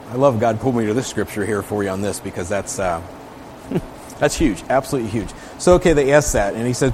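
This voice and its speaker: A man's voice: mid-range voice, darkish tone, a little hiss or hum. A man preaching in a casual, conversational way, reading scripture aloud with emphasis and often checking in with his listeners. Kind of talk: casual Bible teaching.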